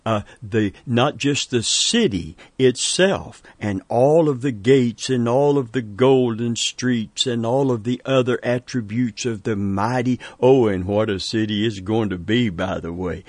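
Slow-spoken man teaching a Bible study. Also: mid-range voice, a little mellow, dry recording. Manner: chuckles often, leads with 'amen' and 'praise God'.

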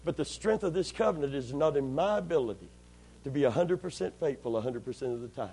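A man with a high voice preaching to a congregation. He calls out for amens and repeats key phrases. His delivery swings from steady teaching into impassioned, drawn-out shouts. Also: vocal fry, breathy edge. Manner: call-and-response, rising to impassioned shouting. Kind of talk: sermon.

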